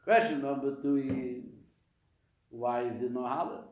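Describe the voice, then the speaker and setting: A man's voice: medium pitch, a little slow, noisy background. A man teaching a live Torah class, posing questions and answering them himself with frequent restarts. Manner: animated, asks and answers his own questions. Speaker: rabbi teaching a weekly class. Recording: echoey room, dull lo-fi sound.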